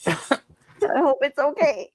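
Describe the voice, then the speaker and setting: A woman voicing a self-pitying, sickly woman who whines and sniffles through halting sentences. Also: high voice, big pitch swings, a little mellow, dry recording, soft background music, full character voice. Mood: pitiful whining. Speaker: guest.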